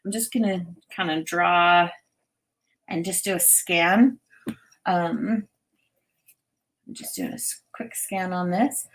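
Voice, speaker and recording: A chatty woman hosts a live stream and reads viewer comments aloud. Her voice sits a little low, and she laughs often as she gives intuitive readings. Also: slow, pauses often. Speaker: intuitive reader and host.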